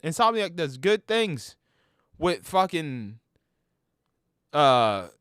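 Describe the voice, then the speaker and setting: Animated New man, bright voice. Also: a little high, extremely slow, clean tone, dry recording, studio quality. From New York. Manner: animated, profane, stumbles over words. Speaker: gaming streamer. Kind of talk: casual ranting chat.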